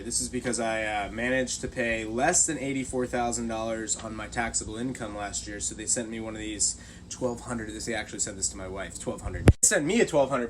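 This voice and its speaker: A middle-aged man hosts his own channel and rambles through a casual monologue, leaning on filler words as he goes. His voice sits at an ordinary middle pitch, and a faint hiss of background noise runs under it. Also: rough recording. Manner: rambling, loose and conversational with many fillers. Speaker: channel host.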